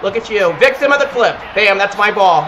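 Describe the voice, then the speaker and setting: A young man streaming a football video game, teasing his opponent with playful trash talk between quick play calls. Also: high voice, animated, bright, forceful tone, slight background noise, poor audio. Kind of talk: casual gaming stream chat.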